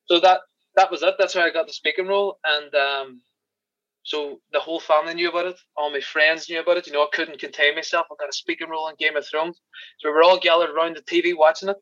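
An Irish man, a podcast guest, telling animated stories in casual chat, swearing and laughing as he goes. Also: a little high, fast talker, no echo, dull audio. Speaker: podcast guest, special effects crew member.

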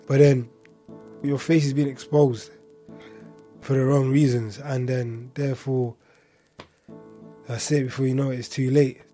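A young man from East London with a local accent, quietly telling a personal story in a reflective way, often trailing off at the ends of his lines. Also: mid-range voice, flat delivery, a little slow, pauses often, soft background music. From Hackney, East London. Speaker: interviewee.

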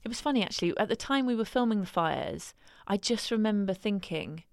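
A woman, a wildlife filmmaker, telling stories in a lively conversational way and acting out what people said. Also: brisk, few pauses, no room sound. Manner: animated, acts out quotes in a higher voice. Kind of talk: conversational storytelling.

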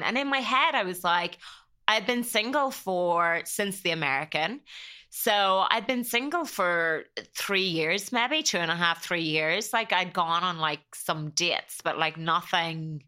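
A woman's voice: on the low side, animated, measured pace, pushed and bright. An Irish woman in her thirties, a podcast guest talking in a chatty, rambling way and getting openly emotional. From Ireland. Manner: chatty, rambling, heavy use of "like". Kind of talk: casual interview chat.

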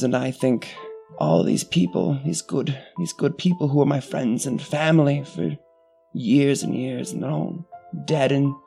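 A very old woman in a tabletop game, gentle and worn down by grief, as a man puts her on. She speaks softly and slowly, with a mellow, darkish tone. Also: mid-range voice, gravelly, close to an everyday voice. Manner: soft, slow and sorrowful.

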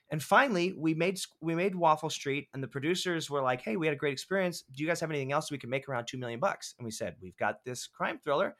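A man on a podcast telling animated, profanity-laced stories about making films, acting out what people said. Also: a little high, quick pace, hardly any pauses. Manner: animated, swears often, acts out quotes. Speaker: filmmaker guest. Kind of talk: casual podcast storytelling.

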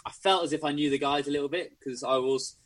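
A former cricketer telling a rambling anecdote in casual chat. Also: male voice, fairly high pitch, fairly even intonation, fast talker, fairly bright tone, low-quality recording. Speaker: former cricketer, podcast guest.

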